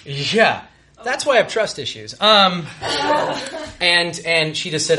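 A young man telling a self-deprecating true story on stage before a live audience, halting and restarting his sentences. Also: on the high side, big pitch swings, bright, forceful tone.

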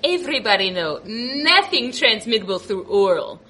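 A woman voicing a blunt, dismissive female clinic nurse who lectures flatly, inside a comic story told to a live crowd. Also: on the high side, moderate pace, voice pushed down.

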